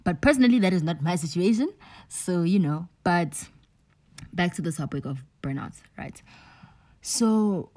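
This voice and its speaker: Low, candid young woman podcasting. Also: animated, a little slow, a little mellow, no echo. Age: young adult. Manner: chatty and candid, slangy asides, drops to whispers for emphasis. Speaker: podcast host. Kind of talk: casual personal podcast monologue.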